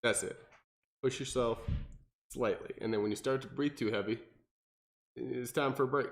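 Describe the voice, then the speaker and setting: A man's voice: moderate pace, creaky. A man, a personal trainer co-hosting a podcast, talking casually and animatedly with lots of fillers and restarts. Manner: animated, mimics people in exaggerated high voices, many fillers and restarts.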